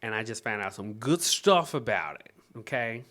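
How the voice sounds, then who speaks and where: A man with a Southern American accent hosting a casual cookbook review vlog, reading recipes aloud and chatting to viewers with sudden high exclamations. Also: expressive, moderate pace, fairly bright tone. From Southern United States. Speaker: host.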